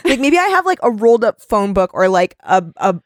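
Animated, profane woman podcast host. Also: mid-range voice, brisk, dry recording, clean studio sound. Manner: animated, profane, laughs often. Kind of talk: casual podcast chat.

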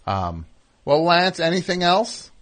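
A man hosts a radio call-in show in a loose, casual chat. He rambles and gets animated, then lets his voice sink off quietly. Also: on the high side, takes it slowly.

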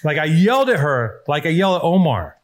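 A man hosts a podcast in loose, casual chat, his voice sitting a bit higher than most men's. He rambles, restarts and swears freely while telling an animated story. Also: a little fast. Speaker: podcast host.

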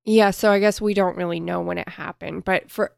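Woman with a gravelly fry voice, blunt and emphatic, dry close mic. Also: lowish voice, steady tone, a little fast, darkish tone, no room sound. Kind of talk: casual chat about a book.

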